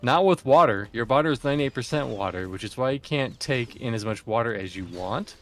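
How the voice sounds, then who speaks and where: A man's voice: medium pitch, lively intonation, fairly quick, soft background music. A man reading listener comments aloud during a casual gaming chat, laid-back and joking.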